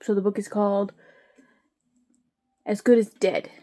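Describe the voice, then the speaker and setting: A woman's voice: medium pitch, level tone, a little slow, mellow. A woman chatting casually to camera at home, rambling with sighs and frequent fillers. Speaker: vlogger. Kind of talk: casual chat.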